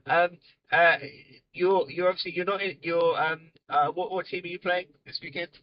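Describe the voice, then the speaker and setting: A man's voice: high voice, steady tone, moderate pace, lo-fi sound. A man hosting a podcast from inside a car, jokey and rambling in casual chat. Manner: jokey, rambling, laughs often. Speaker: podcast host.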